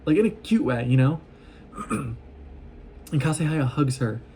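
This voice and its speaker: A man talks through a show he loves, gushing and rambling as he acts out the characters' lines. His voice is mellow and relaxed, pitched in an ordinary middle range, with a faint hum of noise behind him. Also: a little slow. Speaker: vlogger recapping an anime. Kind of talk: casual rambling recap.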